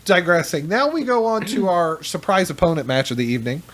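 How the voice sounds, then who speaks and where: Man, podcast host, casual rambling recap, slightly high voice, lots of ums. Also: very animated, a little fast, a bit bright.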